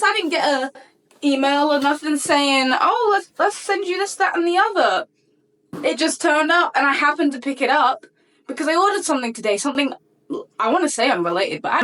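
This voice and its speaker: A young woman chatting to camera as a beauty vlogger, gushing and excitable as she unboxes products in fast bursts. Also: a little high. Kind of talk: casual unboxing chat to camera.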